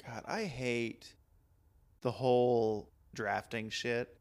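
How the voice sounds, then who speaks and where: A man's voice: medium pitch, steady tone, slow pace, vocal fry, darkish tone, smooth. A man co-hosting a casual podcast, rambling and laughing often as he chats. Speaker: podcast co-host. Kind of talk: casual chat about wrestling.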